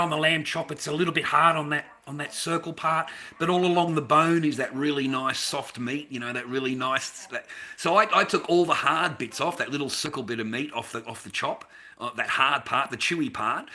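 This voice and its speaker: Australian dad, fired-up ranting vlogger, sharp bright tone, swears a lot. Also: male voice, mid-range voice. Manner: heated, swearing, rants, calls the listener "mate". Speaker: vlogger, father. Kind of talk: ranting monologue to camera.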